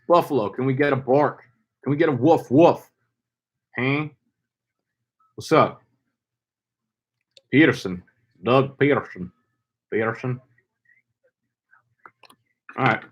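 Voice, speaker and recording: A man's voice: mid-range voice, breathy edge. Hype-talking young man streamer. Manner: loud playful hype with swearing and slang. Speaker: fantasy football streamer. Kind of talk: casual live stream chat.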